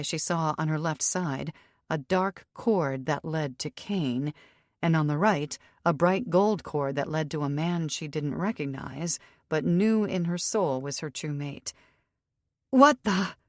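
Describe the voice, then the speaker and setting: A woman narrating a fantasy audiobook in an even, steady storytelling manner. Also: low-pitched, no echo, studio quality. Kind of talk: scripted narration.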